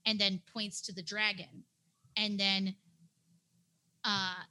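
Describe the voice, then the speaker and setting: A woman playing a tabletop game, describing her character's gestures step by step in a halting way. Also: medium pitch, flat delivery, sharp tone. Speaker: player.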